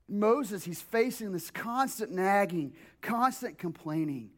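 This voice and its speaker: A man with a notably high voice gives a sermon to his congregation. He talks the way people chat, leaning on "like" and "you know," and keeps asking his listeners questions. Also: lively intonation, slow. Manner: conversational, filler-heavy, rhetorical questions to the audience. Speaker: pastor. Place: church service, also streamed online.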